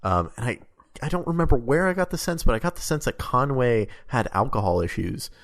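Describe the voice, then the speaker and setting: A man's voice: mid-range voice, big pitch swings, fairly quick. A man talking casually about a video game on a podcast, rambling and hesitant with many ums. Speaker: podcast co-host or guest.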